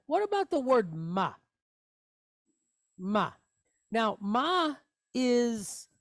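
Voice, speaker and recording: Woman teaching a language class, slow and patient, dry close sound. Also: mid-range voice, no echo. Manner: patient, explains step by step with frequent check-ins. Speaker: Hebrew teacher.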